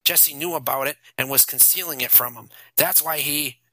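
A man's voice: medium pitch, moderate pace, bright, forceful tone, no room sound, low-quality recording. A man voicing a cruel teenage boy bully who swears and taunts. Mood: gloating.

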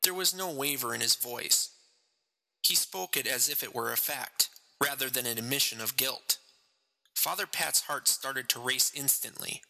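A man reads his story aloud in a slow, measured way. His voice is gravelly, crisp and sharp-edged. A long reverb trails after every line. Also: medium pitch. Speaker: narrator, reader of his own story. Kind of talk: storybook narration.

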